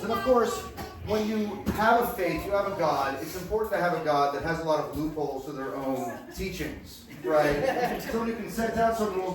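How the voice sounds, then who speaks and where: A man doing a playful, self-mocking stand-up set, often laughing through his own lines. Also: fairly high pitch. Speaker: stand-up performer. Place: large hall with live audience. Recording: echoey hall, far from mic, live crowd.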